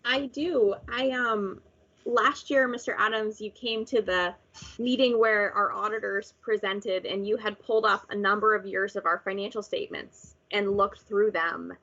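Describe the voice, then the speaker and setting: A woman's voice: medium pitch, fairly even intonation, moderate pace, fairly bright tone. A woman speaking at a town budget hearing on a video call, earnest and emotional, with frequent restarts. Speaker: town finance official. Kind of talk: public meeting remarks. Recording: dull lo-fi video call audio.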